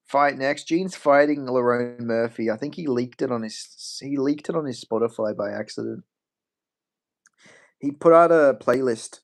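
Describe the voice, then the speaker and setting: A man rambling casually on a live stream, swearing freely as he answers chat. His pitch swings a lot as he talks. He sits in the middle of the range for pitch.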